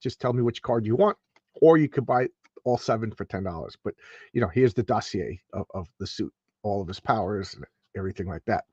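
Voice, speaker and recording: A man with a lowish, slightly mellow voice and a breathy edge talks briskly as host of a casual comic book review. He rambles enthusiastically, restarting often and throwing in asides. The sound has no echo and the highs are cut off.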